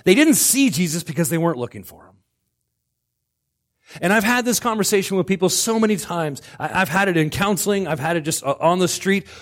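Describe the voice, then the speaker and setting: A middle-aged man preaching a sermon as pastor, swinging between loud outbursts and hushed lines. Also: high voice, lively intonation, fairly quick.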